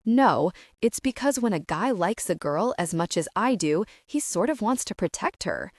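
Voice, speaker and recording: A woman's voice: mid-range voice, sing-song, normal speed, no echo, distant mic. Woman doing a teasing southern teen guy, keeps pushing, dry sound a bit off mic. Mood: earnest. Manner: teasing and persistent.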